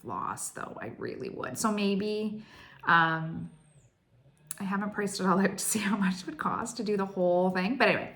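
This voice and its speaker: A woman's voice: medium pitch, normal speed. A woman, gushing through a chatty cross stitch vlog story with lots of "like". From Canada. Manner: excitable, gushing, heavy use of "like".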